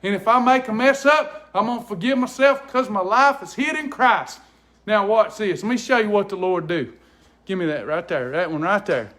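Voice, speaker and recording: A man's voice: sits high, moderate pace, a bit bright. A man speaks to camera from home in a casual, preachy way. He is earnest and emphatic and often repeats his words to drive a point home. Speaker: host of a faith-based weight loss ministry. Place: at home indoors.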